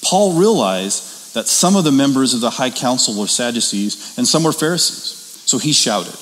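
Animated man teaching the Bible. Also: medium pitch, moderate pace. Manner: conversational, animated, rhetorical questions. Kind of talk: Bible study teaching with scripture reading. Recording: reverberant room with faint hiss.

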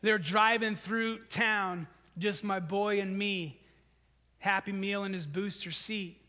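Pastor, male, higher-pitched voice, conversational sermon delivery with lifts for emphasis and soft low drops, long hall reverb. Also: fairly even intonation, takes it slowly. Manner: conversational preaching, rising for emphasis then dropping low and soft.

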